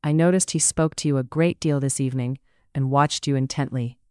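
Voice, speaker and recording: A narrator voicing a kind, soft-spoken young gentlewoman in an audiobook reading of a period story. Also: mid-range voice, steady tone, a little fast, smooth, dry recording, studio quality, close to an everyday voice.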